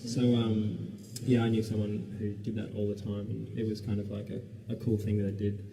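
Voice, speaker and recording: A man's voice: on the low side, brisk, gravelly. Rambling Australian man, roomy and distant. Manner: relaxed, rambling, lots of fillers. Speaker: musician guest. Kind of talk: casual radio interview. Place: radio studio. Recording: roomy, distant mic, background noise.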